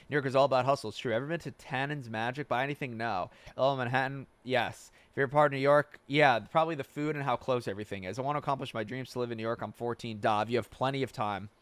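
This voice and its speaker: Man, twenties, livestream host, casual Q&A, animated, dry close sound. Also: mid-range voice, no echo. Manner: animated, swears and gets fired up. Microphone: wearing headphones, close desk mic.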